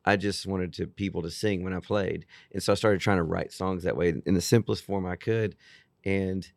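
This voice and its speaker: A man's voice: low-pitched, normal speed, vocal fry, no echo, clean studio sound. A man in his fifties, a worship singer-songwriter telling stories earnestly in an interview, often restarting his sentences. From Texas. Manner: earnest, animated, with frequent restarts. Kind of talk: storytelling in an interview.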